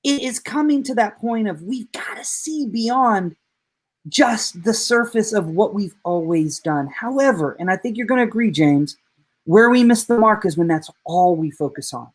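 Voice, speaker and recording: A middle-aged woman, an educator hosting a podcast, telling heartfelt stories in an animated way. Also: mid-range voice, normal speed. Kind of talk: podcast conversation.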